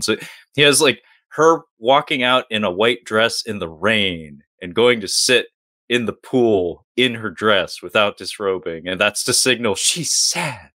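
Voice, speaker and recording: A man's voice: lowish voice, a little slow, pushed and bright, no echo. A man on a film podcast, chatting casually and sarcastically, laughing often and acting out scenes. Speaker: podcast panelist. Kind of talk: casual film-review chat.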